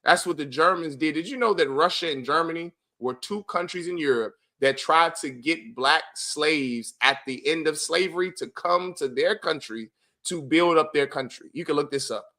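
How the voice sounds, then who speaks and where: A man with a somewhat high, bright and forceful voice delivers a preachy livestream commentary. He speaks emphatically and keeps calling out to his listeners as brother. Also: moderate pace. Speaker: host of a religious group's class.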